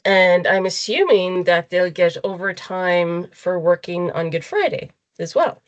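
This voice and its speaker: A woman's voice: lowish voice, measured pace, lo-fi sound. A middle-aged woman, co-hosting a casual chat podcast and telling stories animatedly. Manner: animated storyteller who acts out other people's lines. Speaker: podcast co-host.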